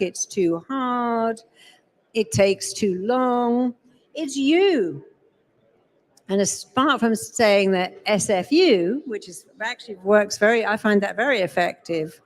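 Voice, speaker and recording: A woman giving a live seminar talk on a stage, emphatic, slipping into quoted voices to make her points. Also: medium pitch. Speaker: speaker. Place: large event hall.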